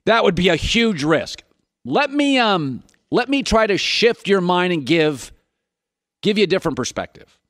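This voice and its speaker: A male sports radio host with a high-pitched voice holds forth in an opinionated studio monologue. He jabs at his points with punchy, sarcastic rhetorical questions. His voice comes through dry and close, with no room sound. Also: very animated, measured pace, fairly bright tone, no room sound.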